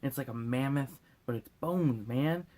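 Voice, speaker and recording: A man's voice: medium pitch, unhurried, dark tone, faint music behind. A drunk man recapping a movie in a loose, crude, rambling way, often acting out lines in silly voices. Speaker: host.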